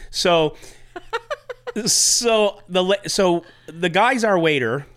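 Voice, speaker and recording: A man's voice: sits high, animated, slow pace, fairly bright tone. Man rambling through a restaurant story. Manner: rambling, restarts and acts out quotes. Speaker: podcast host. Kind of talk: casual storytelling chat.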